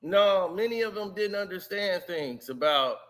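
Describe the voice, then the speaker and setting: A man giving casual commentary, animated and laughing often. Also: high voice, moderate pace. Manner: animated, laughing, mimics loud greetings.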